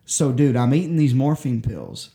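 A man's voice: medium pitch, animated, moderate pace, warm tone. A young man telling a long personal story in casual chat, full of swearing and restarts. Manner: profane, rambling storytelling with many restarts. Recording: echoey room.

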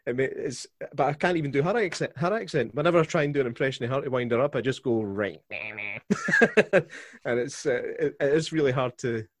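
A man's voice: medium pitch, brisk, no echo, clean studio sound. A man co-hosting a casual interview over a video call, jokey and self-deprecating. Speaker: podcast co-host.

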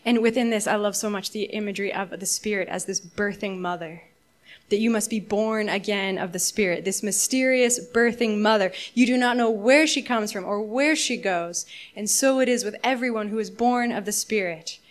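A woman's voice: medium pitch, moderate pace. Woman preaching a casual sermon. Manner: casual, thoughtful, with many fillers and restarts. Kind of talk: conversational sermon.

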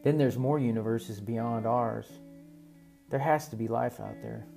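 A man voicing a thoughtful teenage boy who speaks quietly and reflectively, in a storybook reading. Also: medium pitch, a little slow, vocal fry, soft background music.

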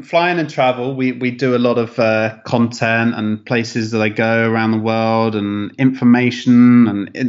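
A man's voice: medium pitch, lo-fi sound. A man telling travel stories in a casual interview, rambling and hesitant with many fillers and restarts. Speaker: travel content creator, guest.

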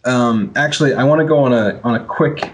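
A man's voice: medium pitch, fairly quick. A man co-hosting a casual podcast about tabletop game rules, talking to listeners with many hesitations and fillers. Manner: hesitant, filler-heavy, agreeable. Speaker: podcast co-host.

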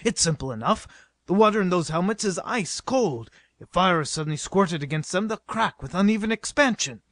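A man playing a young adventurer who turns from brooding to excited ideas. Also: high-pitched, brisk, dry recording, voice pushed up. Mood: reasoning. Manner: brooding, then bursting with excitement.

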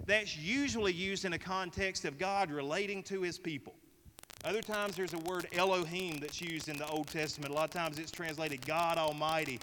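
A man's voice: a little high, a bit bright. A middle-aged male pastor preaching a sermon, emphatic and repetitive as he leads the congregation. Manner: emphatic, repeating phrases, leading the congregation. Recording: reverberant hall with faint noise.

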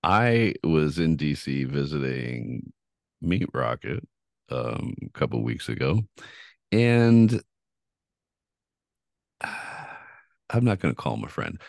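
A man with a very deep voice hosts a casual podcast. He tells crude stories with plenty of swearing and laughs along the way. The sound is dry and close, with no room echo. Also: very animated, slow pace, vocal fry, long pauses, darkish tone. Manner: profane, laughing storyteller. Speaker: podcast host.

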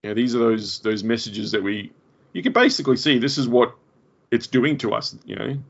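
An Australian man hosts a casual movie-review podcast, talking through each scene. His voice sits in an ordinary middle pitch with a gravelly, creaky edge. He keeps slipping into quoted lines of dialogue, and the recording is somewhat muffled. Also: moderate pace. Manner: animated retelling with acted-out quotes. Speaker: podcast host.

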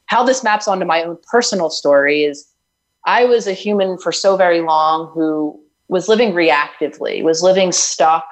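Low-voiced earnest woman guest. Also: normal speed, rough recording. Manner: earnest, reflective, many fillers. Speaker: guest, self-healing author. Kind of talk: conversational interview.

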